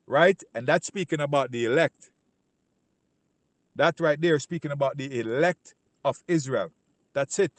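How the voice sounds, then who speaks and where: Man, informal Bible teacher, emphatic, fairly high voice, dry close sound. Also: no room sound. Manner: emphatic, keeps asking "right?" and repeats himself; reads scripture slowly and loudly. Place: Canada.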